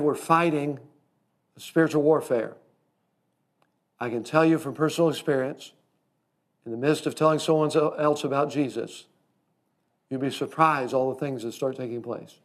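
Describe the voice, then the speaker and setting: A man's voice: on the high side, a little mellow. Emphatic folksy man preaching. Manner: folksy, emphatic, addresses listeners as friend. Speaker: preacher teaching a class. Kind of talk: sermon-style teaching.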